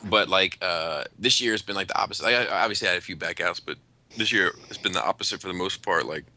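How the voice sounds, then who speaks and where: A man's voice: low voice, fast, bright, forceful tone. A man co-hosting a podcast in casual chat, laid-back and swearing, with many fillers. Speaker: podcast co-host.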